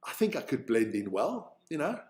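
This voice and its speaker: A man's voice: medium pitch, sing-song, normal speed, a little mellow. A man with a South African accent, chatting casually on a live stream while he watches rugby, thinking aloud and swearing freely. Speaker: live-stream host reacting to a rugby match.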